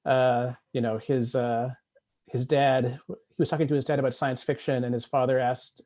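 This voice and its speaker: A man's voice: mid-range voice, little pitch movement, moderate pace, mellow. A man speaking as an author on a convention panel over a video call, talking in a hesitant way with many restarts and fillers.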